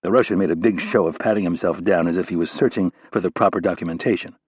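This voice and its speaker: A man narrating a thriller audiobook in a steady, even storytelling manner. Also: low voice, fast, husky, no room sound. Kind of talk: scripted narration.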